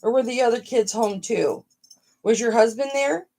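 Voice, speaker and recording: A woman's voice: a little high, moderate pace, warm tone. A middle-aged woman hosting a casual live stream, talking frankly and motherly to her viewers and swearing freely.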